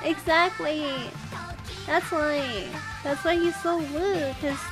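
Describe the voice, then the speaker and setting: A woman's voice: high voice, steady tone, slow, over music. A woman streamer chatting casually on a live stream, stuffy-nosed and sneezing, apologizing often between sneezes and coughs.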